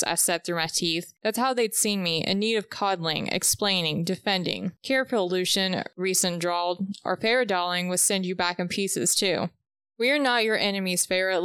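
A woman reading aloud a chapter-by-chapter recap of a novel, with the dialogue read in a steady, even pace. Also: mid-range voice, clean tone, no room sound, clean studio sound.

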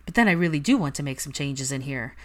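A woman's voice: a bass voice, lively intonation, fast. A woman reading as a flustered young man. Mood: casual. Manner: gruff, grumbling.

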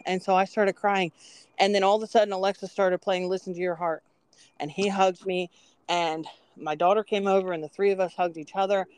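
A woman's voice: mid-range voice, steady tone, brisk, darkish tone, clean tone. A woman co-hosting a podcast, chatting casually and telling earnest, rambling stories with frequent ums. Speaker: podcast co-host.

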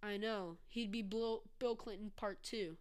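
A woman's voice: mid-range voice, fairly even intonation, unhurried, clear, resonant tone. A woman hosting a casual political commentary podcast, ranting sarcastically. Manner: sarcastic, ranting, mocks with put-on voices. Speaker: podcast host.

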